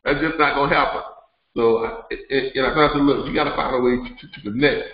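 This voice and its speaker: A man's voice: medium pitch, fairly even intonation, fast talker. A middle-aged man, hosting a live webinar Q&A in a conversational way, repeating words and laughing often. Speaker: host. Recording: roomy, dull lo-fi sound.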